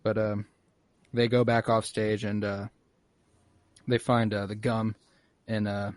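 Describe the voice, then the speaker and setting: A man with a fairly low voice co-hosts a casual pop-culture podcast. He recaps scenes in an animated way, often slipping into the characters' lines and swearing freely. The sound is dry and close, with little room in it. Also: slow, no room sound. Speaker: podcast co-host.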